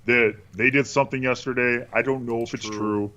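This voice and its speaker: A man's voice: medium pitch, fairly even intonation, dull audio, a crowd in the background. A man co-hosting a sports podcast, joking and playful, talking into his own podcast microphone. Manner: joking, playful, drawn-out teasing lines. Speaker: podcast co-host. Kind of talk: casual sports chat.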